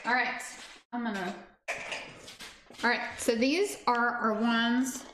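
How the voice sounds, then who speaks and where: A woman's voice: fairly high pitch, fairly even intonation, slow. A woman hosting a casual cooking livestream, chatting with viewers while she cooks. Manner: bubbly, talks to chat viewers while cooking. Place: home kitchen. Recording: echoey kitchen, faint background noise.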